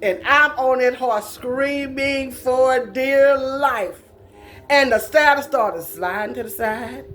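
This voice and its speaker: High-voiced woman telling folksy stories. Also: slow pace, a bit bright, faint music behind. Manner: folksy, colloquial and dramatic, with laughs. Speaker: storyteller. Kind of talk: casual personal storytelling.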